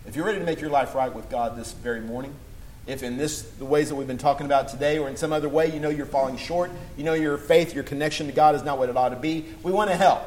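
A man delivers a sermon in a fairly high voice. He speaks earnestly, slowing down for scripture and rising into emphatic appeals to the congregation. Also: darkish tone, a little hiss or hum, low-quality recording. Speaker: preacher.

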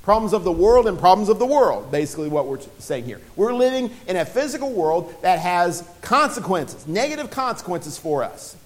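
Conversational man preaching a sermon, a bit higher voice. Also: sing-song, fairly quick, few pauses. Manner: conversational, with frequent restarts and acted-out quotes.

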